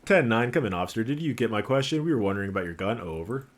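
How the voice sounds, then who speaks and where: A man voicing a brisk, formal police radio dispatcher who speaks in relay code and signs off each line. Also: fairly low pitch, animated, lightly acted. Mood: officious.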